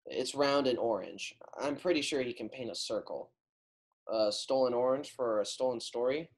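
A man's voice: medium pitch, moderate pace, lightly acted. A teen boy playing a stammering shy suitor. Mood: nervous. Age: teens. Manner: stammering, hesitant. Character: shy young man, Ferdinand, playing frog. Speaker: student actor.

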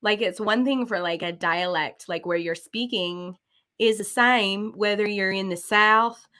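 An American woman in her thirties chats casually while stitching, her talk rambling and loose. She drifts from point to point with plenty of "like" and "um", slipping into quick giggles along the way. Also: medium pitch, sharp tone. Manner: rambling and giggly, full of "like" and "um", often trails into quick laughs. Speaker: cross-stitch designer and channel host.

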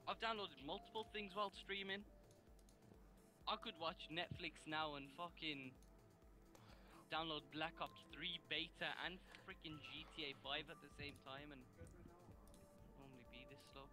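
A man's voice: a little high, fairly even intonation, moderate pace, long pauses, music in the background. A man co-streaming a game, impatient and swearing casually while chatting.

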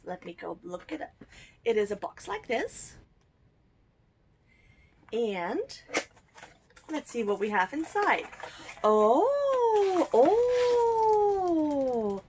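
Chatty woman cooing over cute things. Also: fairly high pitch. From Germany. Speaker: unboxing vlogger. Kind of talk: casual unboxing chat.

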